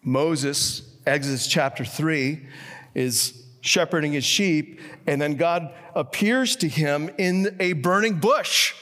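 A man preaching a sermon, swinging between hushed, low passages and emphatic, raised lines. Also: slow pace, big-room sound.

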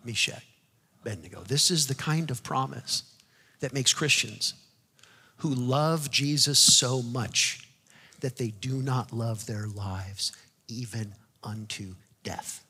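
A male pastor preaching a sermon in a conversational way, moving from hushed, quiet asides to loud, fervent declarations. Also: mid-range voice, slow pace, in a large hall, slight background noise. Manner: conversational, with restarts and "like" fillers.

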